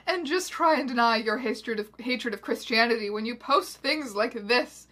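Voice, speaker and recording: A woman's voice: a little high, moderate pace. Woman doing a pompous preaching reverend. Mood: indignant. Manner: loud, declaiming, indignant. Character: self-righteous old male headmaster reverend, pompous.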